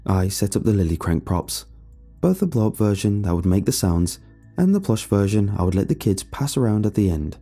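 A man narrating a scripted first-person horror story in a measured storytelling delivery. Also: on the low side, very animated, warm tone, soft background music.

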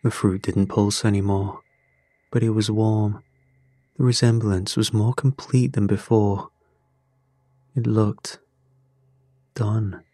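A man narrating a first-person story in a slow, measured way. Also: lowish voice, steady tone, warm tone, husky, no echo.

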